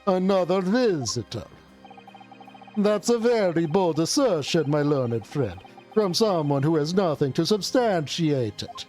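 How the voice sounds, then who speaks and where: A haughty game prosecutor speaks in a formal, condescending way, as a man reads him. The voice is high, with faint music playing underneath. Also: very animated, unhurried, a little mellow. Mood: scornful. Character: haughty, cutting male prosecutor.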